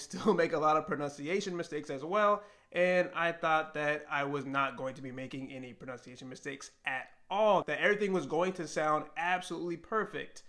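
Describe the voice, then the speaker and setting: A young man talking earnestly and reflectively to camera in a personal vlog, with pauses and restarts. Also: fairly high pitch, a bit bright. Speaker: language-learning vlogger.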